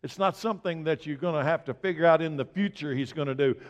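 Pastor guy preaching, kinda high voice, gets loud and punchy, big echoey church hall. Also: quick pace, hardly any pauses. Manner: preaching with rising emphatic bursts and direct questions. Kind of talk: sermon. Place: church sanctuary. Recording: long reverb of a large hall.

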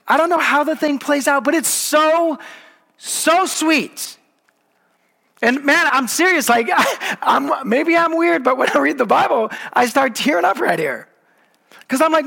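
Man, pastor, sermon, conversational storyteller, very high voice, echoing hall. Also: normal speed, vocal fry. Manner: conversational storytelling, animated asides. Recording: long hall reverb.

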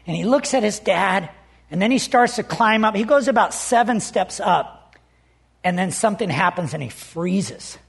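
High-voiced pastor preaching conversationally. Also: male voice, expressive, moderate pace, gravelly, breathy edge. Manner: conversational storytelling, earnest. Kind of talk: sermon.

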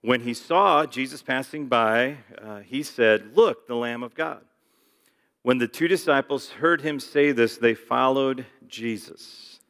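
A man's voice: medium pitch, unhurried, hardly any pauses, a bit bright, big-room sound. A male pastor giving a casual sermon with joking asides and frequent fillers, in a church sanctuary.

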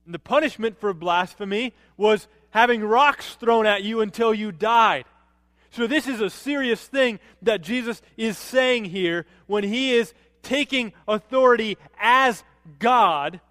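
A man preaching a sermon as a pastor, animated, rising to emphatic peaks and dropping low to quote. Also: unhurried, no room sound, studio quality, in a large hall.

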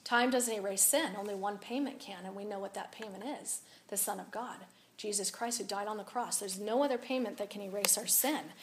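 A woman's voice: mid-range voice, brisk, slight background noise. A woman speaking at a women's event, telling a story in a sermon, acting out both sides of a conversation and laughing often. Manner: animated, acts out dialogue, laughs often.

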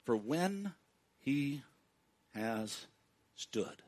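A man preaching a sermon to his congregation, speaking directly to them and swinging between hushed and loud passages. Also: medium pitch, big pitch swings, very slow. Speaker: pastor.

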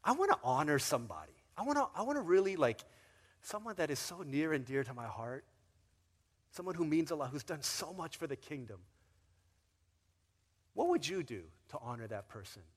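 A male pastor preaching a sermon in a lively, casual storytelling manner with slang. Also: a little high, normal speed, long pauses, breathy edge.

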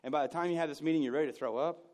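A man in his thirties, a pastor preaching a sermon with animated storytelling, playful asides and laughter. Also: on the high side, rapid-fire. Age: 30s.

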